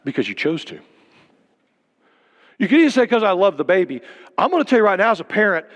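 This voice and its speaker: An older male pastor preaching with a fairly high voice, asking question after question and then sinking to a near-whisper for emphasis. His sermon rings out with a long reverb, as if recorded in a church sanctuary. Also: sing-song, quick pace, lo-fi sound. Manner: emphatic preaching with rhetorical questions and sudden drops to a hush.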